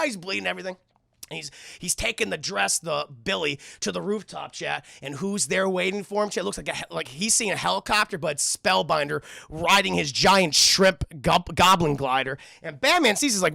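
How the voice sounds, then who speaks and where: A man's voice: sits high, brisk, gravelly, no room sound, studio quality. A man reviewing a cartoon episode for a live chat, talking casually and animatedly with lots of swearing. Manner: animated, profane, keeps addressing chat. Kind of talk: casual spoken recap.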